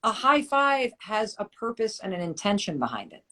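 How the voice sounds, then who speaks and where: A woman's voice: medium pitch, sing-song, normal speed, a bit bright. A woman hosting a live motivational chat, talking in an emphatic, coaching way. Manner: emphatic, coaching, quotes listeners' doubts. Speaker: host. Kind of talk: motivational talk.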